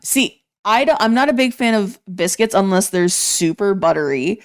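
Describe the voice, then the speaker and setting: A woman's voice: mid-range voice, expressive, moderate pace. A woman, patiently explaining in casual chat as a podcast guest.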